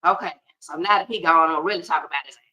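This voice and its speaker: A bright, forceful woman of middle age talks to her podcast listeners in a colloquial, emphatic way and breaks in with joking asides. Her voice sits a little back from the mic. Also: sits low, fast talker, far from the mic, poor audio. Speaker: podcast host. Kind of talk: casual heartfelt talk.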